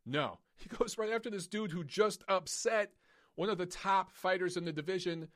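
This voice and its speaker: Male live-stream boxing host, forceful and blunt, voice wearing thin, recorded in a padded home studio. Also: high-pitched, moderate pace, no echo. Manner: blunt, emphatic, profane ranting. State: losing his voice.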